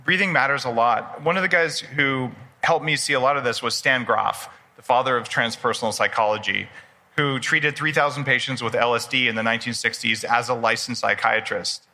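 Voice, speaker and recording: At a personal development expo, a man in his forties talks to a live audience in a casual, enthusiastic way, joking with the crowd. His voice is medium-pitched and sharp, and he speaks fairly quickly. It's a live conference talk with a conversational feel.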